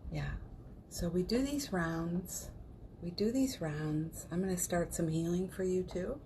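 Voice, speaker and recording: A woman hosting a livestream, leading a guided healing practice in a gentle voice that repeats phrases softly and often sinks to a near whisper, with casual encouraging asides. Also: lowish voice, unhurried, a little hiss or hum. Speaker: host of a morning livestream.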